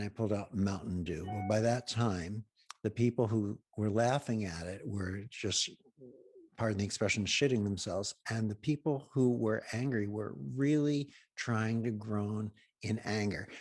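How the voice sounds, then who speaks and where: A man hosting a healing program, telling humorous anecdotes with wry asides and pauses. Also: on the low side, a little mellow, dry recording, clean studio sound. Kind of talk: humorous storytelling talk.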